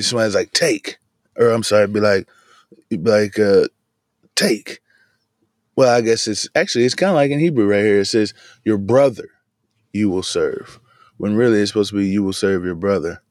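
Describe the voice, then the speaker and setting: A relaxed man with a fairly low voice talks through a Bible story for his podcast. He records from inside his van, and the sound is close and dry with no room echo. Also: brisk. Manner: relaxed and chatty, says "man" often. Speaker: podcast host. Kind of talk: casual devotional bible talk. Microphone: video camera in a van.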